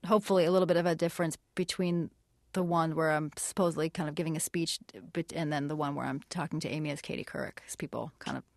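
A woman's voice: sits low, fairly even intonation, fast, gravelly, few pauses, dry recording, clean studio sound. A woman guest in a radio interview, explaining her craft thoughtfully with many hesitations and light laughs. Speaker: actress and guest.

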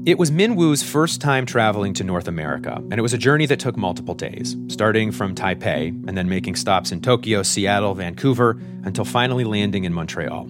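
A man's voice: on the low side, animated, a little fast, few pauses. A man hosting a podcast, narrating a script and interviewing a guest in a playful, conversational way. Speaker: podcast host. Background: music.

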